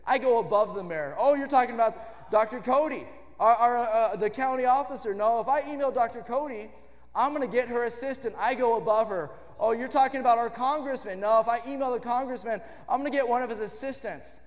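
A man preaching a sermon in a church, with an emphatic cadence that swells into shouts. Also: very high voice, brisk. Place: church sanctuary. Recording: long reverb of a church hall.

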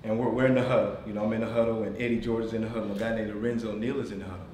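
A man giving a motivational talk to a room of managers, swinging from shouts to near-whispers, laughing often and calling on the audience. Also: on the low side, level tone, racing, reverberant, recorded from a distance, a little hiss or hum. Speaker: motivational speaker. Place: meeting room.

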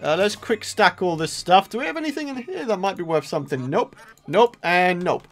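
A young man giving let's play commentary, excitable and exasperated, ranting with sudden outbursts. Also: high voice, brisk, faint music behind. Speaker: gaming channel host.

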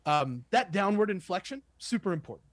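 Energetic man teaching sales calls. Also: high-pitched, fairly quick, no echo. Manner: energetic, conversational, acts out phone calls. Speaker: sales trainer. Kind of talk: casual instructional talk with role-played calls.

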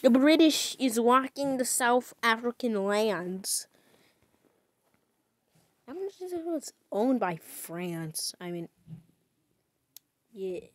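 A woman streamer giving chatty commentary on a game as she plays, breaking into sudden loud, excited outbursts. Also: fairly high pitch, slow, pauses often, no echo. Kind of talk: gaming livestream commentary.

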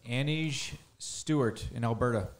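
A man's voice: medium pitch, unhurried, reverberant. A man from Canada, co-hosting a live stream and announcing prize winners in a brief, matter-of-fact way. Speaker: co-host reading draw winners.

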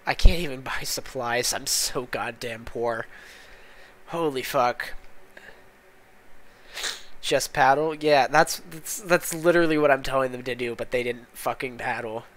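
A man's voice: medium pitch, measured pace, pauses often, a bit bright. A man hosting a casual gameplay commentary, muttering in frustration with lots of swearing as he plays. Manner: profane, exasperated muttering. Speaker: gaming channel host.

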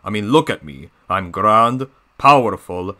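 A man voicing a boastful villainous male diesel engine in a put-on Russian accent, with a slow, menacing delivery. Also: on the low side, expressive, bright, forceful tone, voice pushed down.

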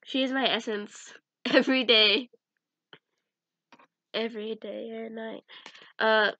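A woman's voice: on the high side, steady tone, slow, pauses often. A young woman chatting casually in a vlog as she sorts through cards, giggling and mumbling names to herself. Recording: dull lo-fi sound.

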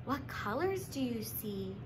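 A young woman leading a children's sing-along lesson, talking slowly and encouragingly to little ones. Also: fairly high pitch, very animated. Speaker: early years program leader. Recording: distant mic with faint room noise.

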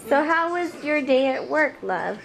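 A high-pitched woman chats slowly and excitedly in a home vlog. A TV audience cheers clearly behind her. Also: crowd noise, rough recording. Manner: chatty, excitable, sing-song baby talk to her pets. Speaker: vlogger. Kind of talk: casual home vlog chat. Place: living room at home. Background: TV show with cheering audience playing.

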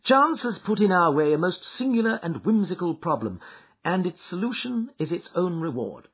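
A man voicing a calm, authoritative gentleman detective who speaks crisply and reflectively. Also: high-pitched, moderate pace, heavily acted. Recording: dull lo-fi recording.

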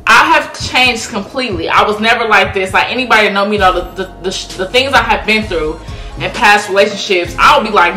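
A woman in her twenties chatting casually on a vlog, lively and swearing freely as she acts out what people said. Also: mid-range voice, fairly quick. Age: 20s. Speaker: vlog guest, girlfriend. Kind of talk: casual chat. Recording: echoey room with music behind.

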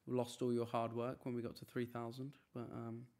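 This male streamer reads his chat in a relaxed, talkative way, his mid-pitched voice sounding unforced. It's casual live-stream conversation, and he's easygoing and quick to wave off teasing.

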